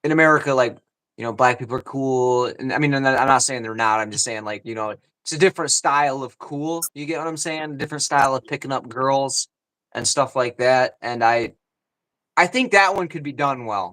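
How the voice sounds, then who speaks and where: A man's voice: medium pitch, brisk, pushed and bright. A man co-hosting a casual podcast chat, rambling and repeating himself with lots of fillers. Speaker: podcast co-host.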